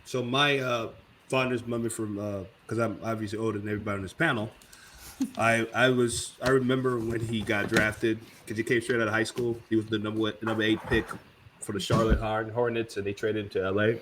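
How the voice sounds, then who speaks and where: A man's voice: lowish voice, level tone, brisk, noisy background. A man in his thirties hosting a casual panel talk, telling an emotional story with lots of swearing. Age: 30s. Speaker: panel show host.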